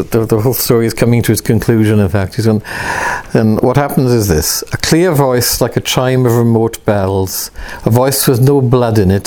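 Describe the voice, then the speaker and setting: A man's voice: fairly low pitch, dark tone. A male lecturer reading a novel aloud and stopping for hesitant explanatory asides.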